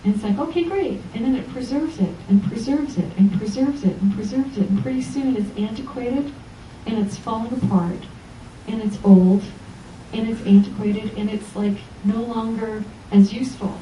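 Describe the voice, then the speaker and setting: A woman's voice: fairly high pitch, moderate pace, slight background noise. A woman spiritual teacher giving an inspirational Sunday church lecture, telling stories and acting out the voices of the people in them. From Los Angeles. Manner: animated storytelling, acting out quoted voices. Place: church hall. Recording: echoey church hall from far off.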